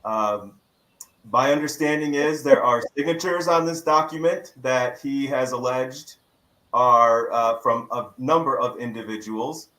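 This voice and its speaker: A man, the show's house attorney, calmly breaking down a legal case on a podcast panel. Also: medium pitch, echoey room, poor audio. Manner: measured legal explanation.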